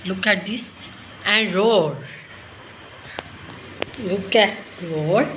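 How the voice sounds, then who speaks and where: In an echoey room with faint background noise, a woman teaches small children about animals through simple sentences and lots of questions. Her medium-pitched voice is a bit bright and very slow.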